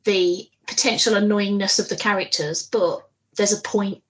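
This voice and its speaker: Female podcast co-host, chatty with an easy laugh, mid pitch. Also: fairly even intonation, normal speed, a bit bright, low-quality recording. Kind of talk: casual chat.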